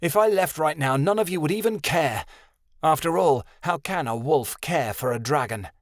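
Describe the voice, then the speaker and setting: A man's voice: a little high, lively intonation, normal speed, no echo, studio quality, voice pushed up, lightly acted. A man voicing a resentful male dragon who snarls and hisses his words. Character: bitter male dragon, sharp-tongued.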